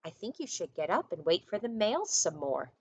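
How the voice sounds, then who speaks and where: A woman's voice: lowish voice, very animated, normal speed, darkish tone, husky, exaggerated voice. A woman voicing a friendly, earnest male frog in a storybook read-aloud, speaking politely and plainly.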